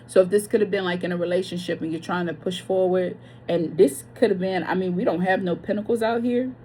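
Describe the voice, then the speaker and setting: A woman's voice: on the low side, fairly even intonation, fairly quick, mellow, slight background noise. A woman giving a casual tarot reading, chatty and blunt, swearing freely and wandering off on tangents. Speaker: tarot reader.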